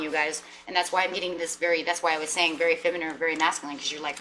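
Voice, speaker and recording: A tarot reader with a low-pitched, level, yet bright and forceful voice races along with few pauses in a rough recording carrying slight hiss or hum. Her casual reading rambles chattily as she plays out short imagined conversations.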